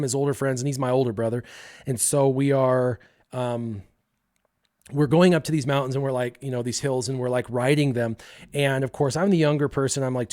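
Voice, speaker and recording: A man hosts a livestream and tells a story to his chat in a casual, animated way. He acts out the people in the story and fills his talk with "um" and "like". His voice sits at an everyday pitch for a man. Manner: many fillers like "um" and "like". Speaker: streamer host.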